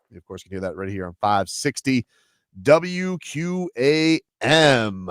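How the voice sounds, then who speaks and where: A man's voice: a little high, no room sound. Guy hosting sports radio, reads headlines then jokes around, dead dry studio mic. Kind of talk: casual sports radio banter. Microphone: studio microphone.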